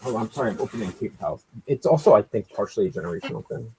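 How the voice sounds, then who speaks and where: A man in his forties with a gravelly, fry-edged voice, talking in loose casual chat while he works. He rambles, stops himself mid-thought and swears offhandedly. Faint clicking sounds sit behind him. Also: on the low side, lively intonation, very fast, a little mellow, a little hiss or hum. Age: 40s.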